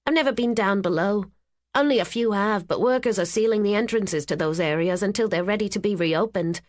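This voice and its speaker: A woman's voice: mid-range voice, brisk, voice pushed up, close to an everyday voice. Woman doing a stern old housekeeper. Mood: grumbling. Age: 50s. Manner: grumbling, blunt. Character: stern, sharp-tongued older housekeeper woman.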